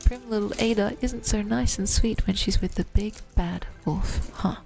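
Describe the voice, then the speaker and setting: A woman reading the lines of an intense, teasing young man on a phone call, wry and breathy. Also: mid-range voice, normal speed, darkish tone, close to an everyday voice. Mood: strained teasing.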